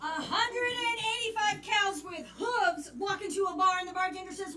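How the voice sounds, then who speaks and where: Very high-voiced woman doing improv. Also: normal speed, few pauses, sharp tone. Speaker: improv performer. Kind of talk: improvised stage comedy. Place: comedy theater stage. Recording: echoey stage from a distance.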